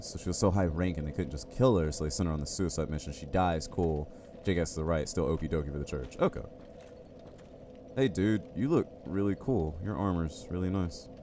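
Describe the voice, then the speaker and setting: Deep-voiced chatty game streamer man. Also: mellow, a little hiss or hum. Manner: chatty, jokey, talks to chat. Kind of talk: live gameplay commentary.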